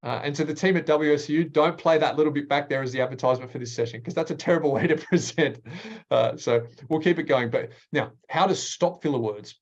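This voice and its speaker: Energetic man coaching public speaking. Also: fairly quick, muffled recording. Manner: energetic, emphatic, varies pitch widely. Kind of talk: online workshop presentation.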